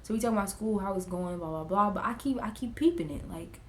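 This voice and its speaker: A woman's voice: mid-range voice, fast, a little hiss or hum. A young woman, chatting casually in a get-ready-with-me vlog and acting out family members' lines as she tells the story. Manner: animated, acts out family members' lines in quotes. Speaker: vlogger. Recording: echoey room.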